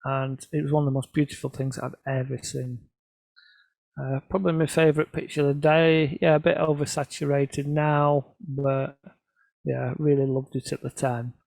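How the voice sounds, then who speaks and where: A man's voice: mid-range voice, little pitch movement, moderate pace, vocal fry, darkish tone, dry recording. A middle-aged man, telling self-deprecating stories about his photographs to an audience. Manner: storytelling, self-deprecating, quoting others in voices. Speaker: photographer presenting his work. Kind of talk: casual anecdotal talk to an audience.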